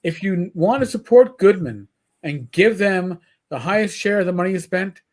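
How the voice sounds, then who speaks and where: A podcast co-host with a New York accent chats casually and tells stories animatedly, often restarting his sentences. His voice sits high with lively intonation at normal speed, picked up by a computer microphone on a live stream.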